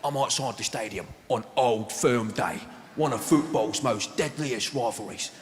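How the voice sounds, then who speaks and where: A man's voice: mid-range voice, unhurried, a little hiss or hum, pitched below the performer's own voice, natural voice. A man doing a jittery swearing hard man. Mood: nervous. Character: male TV hard-man presenter, boastful yet nervous. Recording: echoey hall with loud crowd.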